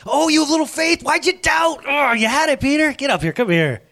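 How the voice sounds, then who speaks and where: Preacher putting on a bright, fatherly Jesus: high, coaxing, upbeat, cheering someone on. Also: animated, a little fast, exaggerated voice. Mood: encouraging. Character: gentle encouraging Jesus, a warm grown man.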